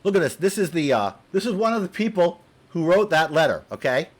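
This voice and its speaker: A man giving a heated, profane opinion rant to camera. He is exasperated, repeats himself when worked up, and swings between loud outbursts and muttered asides. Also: fairly high pitch, sing-song, fairly quick. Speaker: video blogger.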